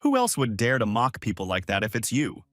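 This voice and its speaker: A man voicing an arrogant, hot-headed young bully who shouts contemptuously. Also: medium pitch, huge pitch swings, a little fast, no echo, studio quality, soft background music. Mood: angry.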